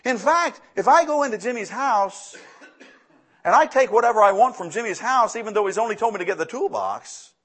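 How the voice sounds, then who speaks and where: A man's voice: sits high, lively intonation, a little fast, fairly bright tone, husky. A male pastor preaching a sermon, telling a story with acted-out dialogue and repeating phrases for emphasis.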